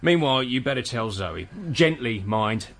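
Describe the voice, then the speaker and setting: A man's voice: mid-range voice, expressive, normal speed, a bit bright. An actor playing a callous, sarcastic husband who bosses his wife around. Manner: sarcastic, bossy, flippant. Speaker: son-in-law Blake. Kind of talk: radio comedy drama.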